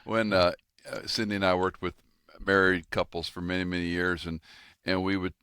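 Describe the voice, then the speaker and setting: A man in his sixties hosting a conversation, telling stories with lively acted-out quotes. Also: deep voice, moderate pace, clear, resonant tone. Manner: animated storyteller, acts out quoted voices. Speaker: podcast host and pastor. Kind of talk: casual conversation.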